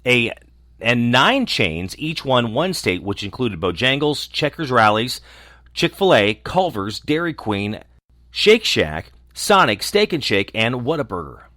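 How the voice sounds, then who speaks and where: A man hosting a daily entertainment news roundup, reading the items in a lively, lightly conversational way. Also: medium pitch, unhurried, no echo, clean studio sound.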